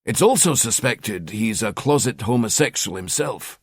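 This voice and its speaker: A man's voice: on the low side, animated, moderate pace, slightly rough, no echo, clean studio sound. A man voicing a cheeky, sardonic male police detective in an audiobook. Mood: wry. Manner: wry, chatty.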